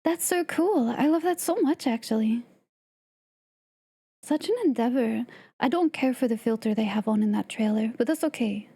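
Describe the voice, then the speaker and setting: A woman streamer chatting casually to her live audience, excitable and laughing often. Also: a little high, moderate pace, breathy edge.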